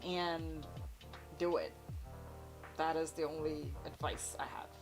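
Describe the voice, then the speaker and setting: A woman's voice: low-pitched, level tone, takes it slowly, over music. A woman from India who runs a channel, giving blunt, playful advice to viewers in a casual chat from home, laughing easily. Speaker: YouTuber answering viewer questions.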